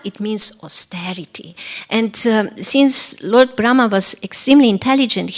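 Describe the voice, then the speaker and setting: A woman whose first language is Slovene gives a devotional scripture class at a temple, telling a story gently with frequent ums and questions to the audience. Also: mid-range voice, gravelly. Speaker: temple speaker. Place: temple center.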